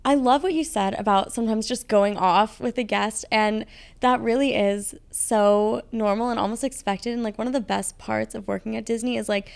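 Gravelly-voiced young woman interviewer. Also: mid-range voice. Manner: enthusiastic, filler-heavy. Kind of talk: casual interview chat.

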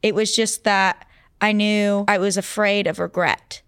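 A young adult woman, a guest in a casual interview, telling stories in an animated way and laughing often. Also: medium pitch, measured pace, clear, resonant tone, no room sound, clean studio sound.

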